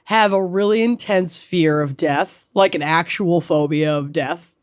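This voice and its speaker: A woman's voice: lowish voice, measured pace, clear, resonant tone, dry recording, clean studio sound. A woman in her thirties with a Minnesotan accent, co-hosting a podcast; she talks bluntly and expressively while sick with pneumonia. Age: 30s. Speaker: podcast co-host. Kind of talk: casual chat.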